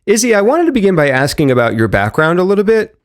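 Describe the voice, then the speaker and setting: Lively upbeat male podcast host. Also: high-pitched, quick pace. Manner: upbeat, friendly, jokes about radio-announcer voice. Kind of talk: podcast intro and interview.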